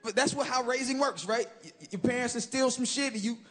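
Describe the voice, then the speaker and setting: A man in his thirties performing an animated stand-up comedy set on a club stage, shouting punchlines into a handheld mic. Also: very high-pitched, fairly quick. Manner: animated, loud punchlines, bursts into shouted impressions. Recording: live club recording with crowd laughter and noise.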